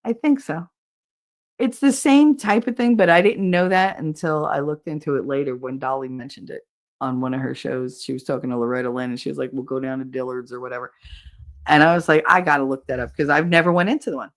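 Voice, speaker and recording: A woman from New Jersey with a New Jersey accent, hosting a podcast in casual chat, animated and exasperated, swearing freely. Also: low-pitched, a little fast. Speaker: podcast host reading live chat.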